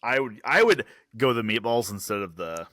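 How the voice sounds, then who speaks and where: A man's voice: lowish voice, lively intonation, normal speed, bright, forceful tone, dry recording. A man co-hosting a podcast, telling a story in loose casual chat full of fillers. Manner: rambling storyteller, filler-heavy. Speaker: podcast co-host.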